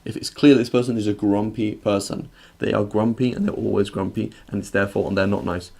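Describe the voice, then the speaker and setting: A man's voice: on the low side, steady tone, fairly quick, gravelly, darkish tone. A male religious teacher giving a conversational lesson. He reads classical Arabic passages, translates and explains them, and keeps checking in with "right?". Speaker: Islamic teacher.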